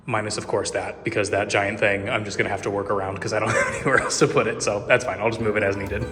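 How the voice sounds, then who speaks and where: A man vlogging casually, rambling with lots of fillers about clearing out his home and cooking. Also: on the low side, fast talker, loud music behind the voice. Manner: rambling, chatty, full of fillers; excited whoops while cooking. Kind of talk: casual vlog chat. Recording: long hall reverb.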